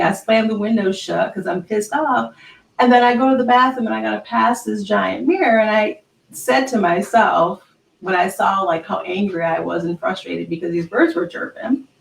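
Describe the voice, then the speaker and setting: A woman's voice: mid-range voice, vocal fry, distant mic. A woman hosting a motivational live talk, emphatic and chatty, who keeps checking in with "right?". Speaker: host. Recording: roomy sound, voice set back from mic.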